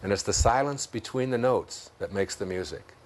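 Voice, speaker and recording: A man with a Detroit accent, a guest in an interview, speaking in an unhurried, musing way and chuckling at his own jokes. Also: lowish voice, lively intonation, a little hiss or hum. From Detroit, United States. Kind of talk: reflective interview talk.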